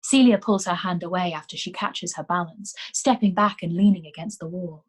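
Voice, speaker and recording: A woman reading a novel aloud as a storyteller, in a gentle, unhurried way, at home. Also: lowish voice, husky. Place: home, during lockdown.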